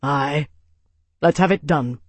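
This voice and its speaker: A man's voice: fairly high pitch, takes it slowly, breathy edge, dry recording. A man voicing an aging male ruler who speaks formally with wry understatement.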